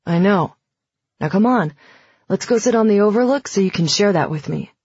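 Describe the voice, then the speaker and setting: A woman reading the lines of a teasing, sarcastic young man in an audiobook, in a slightly breathy voice. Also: sits high, animated, moderate pace, a little mellow, dry recording, muffled recording, full character voice. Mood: easygoing.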